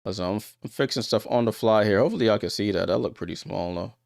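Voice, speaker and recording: Hosting a live watchalong stream, a man with a lowish, creaky voice talks quickly, chatting casually with viewers and calling plays as they unfold, growing louder on the big ones. The sound is dry and clean, studio-grade.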